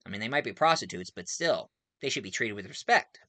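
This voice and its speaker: A man's voice: lowish voice, lively intonation, a little fast, sharp tone, dry recording. A man reviewing a movie in a casual, rambling way, full of fillers and frequent chuckles.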